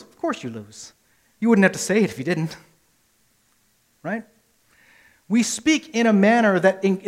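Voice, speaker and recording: A man preaching a sermon with earnest, emphatic delivery, using rhetorical questions and repetition, rising to loud peaks and dropping soft. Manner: earnest, rises to emphatic peaks then drops low. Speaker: pastor.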